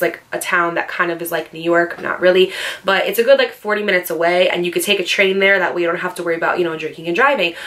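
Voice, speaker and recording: A woman's voice: lowish voice, a bit bright. Chatty young woman telling a story. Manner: candid, profane, heavy filler "like". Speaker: storytime vlogger. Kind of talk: casual storytelling.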